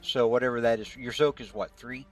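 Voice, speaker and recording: A man in a mid-range voice narrates a tabletop adventure as its game master. He explains dice results and describes the scene in a plain, even manner over faint background music. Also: medium pitch, fairly quick, muffled recording.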